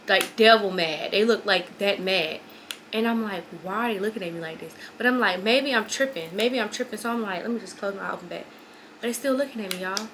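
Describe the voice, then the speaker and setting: A young woman vlogger telling a long, rambling story while doing her hair at home, repeating herself and talking in an animated way. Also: mid-range voice, a little hiss or hum. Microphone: phone or camera on a stand.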